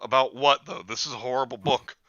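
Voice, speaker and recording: A man co-hosting a podcast, sarcastic and loud in casual comedic chat. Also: mid-range voice, fairly even intonation, fairly quick, dry recording. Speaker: podcast co-host. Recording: dull dry lo-fi mic.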